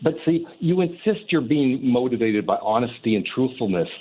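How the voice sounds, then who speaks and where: A man's voice: mid-range voice, expressive, normal speed, breathy edge. A man calls in to a radio show and delivers an earnest, formal complaint to the host. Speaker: caller. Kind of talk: call-in radio chat. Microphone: telephone. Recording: tinny phone line.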